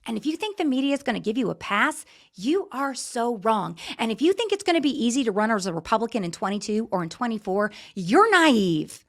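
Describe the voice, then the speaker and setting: A woman's voice: fairly high pitch, big pitch swings, fast, few pauses, fairly bright tone. A middle-aged woman hosting a political talk show, ranting in fiery, impassioned commentary.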